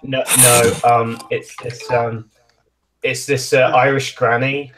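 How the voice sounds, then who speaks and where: A man's voice: mid-range voice, level tone, slow pace, noisy background. A man in a casual group chat, blunt and opinionated.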